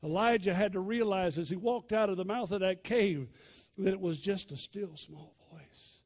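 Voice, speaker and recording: Male pastor, high-pitched, mid-sermon in a church, dramatic swings between shouts and hushed lines. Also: moderate pace. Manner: preaching with sudden shouts and hushed near-whispers. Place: church sanctuary.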